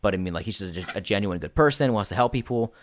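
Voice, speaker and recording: Casting note: low-voiced game master guest, rambling and casual, heavy on fillers. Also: male voice, lively intonation, quick pace. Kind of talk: casual interview chat.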